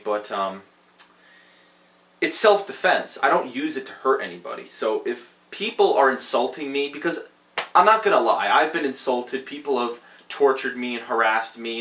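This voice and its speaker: A man's voice: medium pitch, sharp tone. A man hosting his own channel who casually reads fan messages aloud, swears freely and stumbles over misspelled words. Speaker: channel host answering fan mail. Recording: roomy echo.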